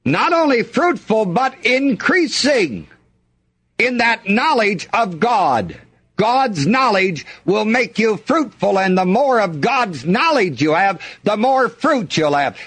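Husky, slow-talking preacher man. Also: high-pitched, very animated, a bit bright. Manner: reads scripture aloud and asks the congregation to fill in words. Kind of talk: sermon.

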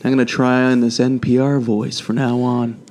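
A man's voice: mid-range voice, little pitch movement, normal speed, darkish tone, slight background noise. A man hosting a podcast in casual chat, joking and loose, swearing casually. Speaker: podcast host.

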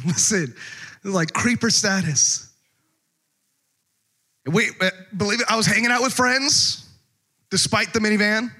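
A man's voice: high-pitched, measured pace, pauses often. A man preaching, telling a comic story and acting out the voices in it. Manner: animated, comic, acts out voices. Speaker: pastor. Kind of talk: storytelling sermon.

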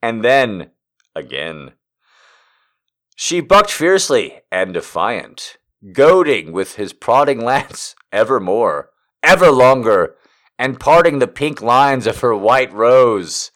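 A man's voice: medium pitch, very animated, slow pace, a bit bright. A man reading erotic poems aloud for comedy, breaking off to laugh and make incredulous asides. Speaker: comedic reader.

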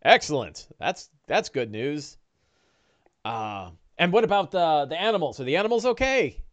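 A man's voice: fairly high pitch, very animated, moderate pace, dull audio. A man voicing a fretful, tied-up ranch hand who chatters nervously and fusses.

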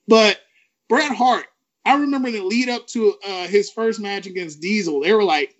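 A man co-hosting a podcast, ranting with animated, profane emphasis. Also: sits high, moderate pace. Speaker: podcast co-host. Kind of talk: ranting wrestling podcast talk.

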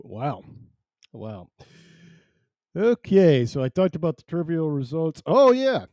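A man's voice: mid-range voice, dark tone, dry recording, studio quality. A middle-aged man hosting his own podcast in loose, rambling, self-amused casual chat. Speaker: podcast host. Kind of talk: casual solo podcast chat, reading listener chat.

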